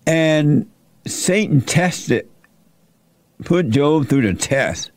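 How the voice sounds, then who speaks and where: A man's voice: a little high, animated, drawn-out words, a little mellow, dry recording. A man hosting his show and retelling a Bible story in a folksy, plainspoken sermon style. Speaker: host and preacher.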